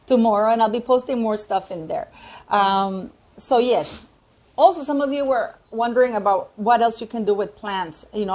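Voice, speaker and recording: The speaker, a woman in her fifties, hosts her own channel and has a medium-pitched voice with a darkish tone. She gives strong opinions in casual commentary vlog style, repeatedly restarting sentences and thinking aloud as she looks for words.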